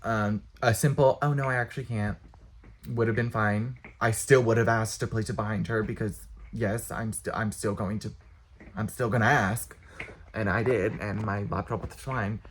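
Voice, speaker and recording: Young man, low-pitched, casual rant, exasperated, blunt, swears a lot. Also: steady tone, a little hiss or hum. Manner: exasperated, blunt, profane, talks with quick bursts. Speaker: vlogger.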